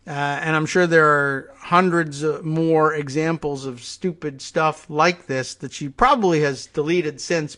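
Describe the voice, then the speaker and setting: A man's voice: a little high, a bit bright. A man hosting a political talk show, talking through the news in an exasperated, thinking-aloud way. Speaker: host. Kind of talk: political commentary monologue.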